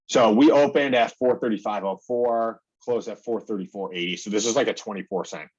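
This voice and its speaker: Fairly low and darkish, his slightly rough voice moves a little fast, and the recording has its highs cut off. The young day trading educator chats casually through the charts on his screen, leaning on "like" and "okay" and acting out how he reacts.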